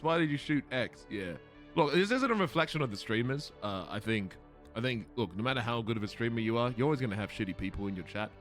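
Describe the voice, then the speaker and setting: A man's voice: medium pitch, bright, forceful tone. A young Australian man chatting casually with his stream viewers, swearing and laughing at himself as he goes.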